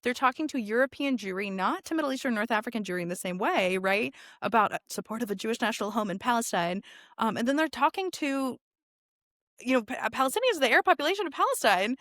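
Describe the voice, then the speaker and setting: Woman rabbi as a guest: animated and wry, full of asides, higher pitch, dry recording. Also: fast talker, no echo. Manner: animated, sarcastic, many asides and fillers. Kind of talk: casual conversational interview.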